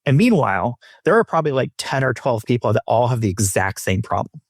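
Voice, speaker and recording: Animated, swearing male podcast host. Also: mid-range voice, fairly quick, no echo, clean studio sound. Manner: animated storytelling with swearing and quoted voices. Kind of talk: casual chat.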